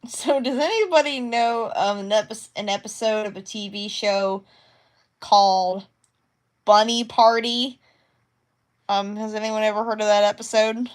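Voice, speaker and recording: Young woman, casual crafting vlog, unhurried and rambling. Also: medium pitch. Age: young adult. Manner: rambling, many fillers and restarts. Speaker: crafting vlogger. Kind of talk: casual chat to camera.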